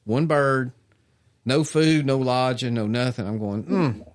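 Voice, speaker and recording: A man's voice: mid-range voice, unhurried. Folksy man telling hunting stories. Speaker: podcast co-host. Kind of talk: casual chat.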